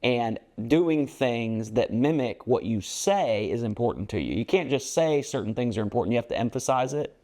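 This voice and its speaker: A man's voice: medium pitch, lively intonation, moderate pace, hardly any pauses, darkish tone. A basketball coach co-hosting a podcast, a man talking earnestly about team culture in a rambling, casual way with many fillers. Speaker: basketball coach and show co-host.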